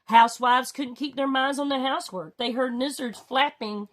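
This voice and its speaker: A woman reading a children's storybook aloud with expressive, dramatic delivery. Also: normal speed. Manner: expressive, swinging pitch for drama. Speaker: storybook reader. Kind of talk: read-aloud storybook narration.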